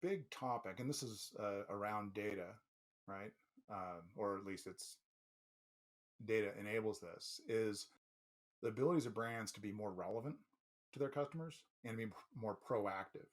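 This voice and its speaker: Man, interview guest, lowish voice, rambling thoughtful chat. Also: normal speed. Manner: thoughtful, rambling with restarts and fillers. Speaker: interview guest, company president.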